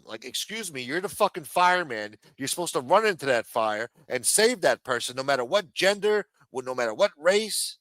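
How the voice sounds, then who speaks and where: A man's voice: mid-range voice, very animated, moderate pace, fairly bright tone, dry recording. Profane ranting middle-aged man. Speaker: show host. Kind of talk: ranting livestream commentary. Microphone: streaming microphone.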